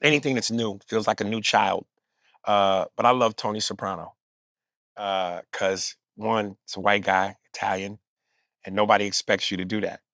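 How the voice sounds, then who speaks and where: A man with a fairly low voice chats easily and casually as an interview guest. The sound is dry and close. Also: fairly even intonation, normal speed, a bit bright, no echo.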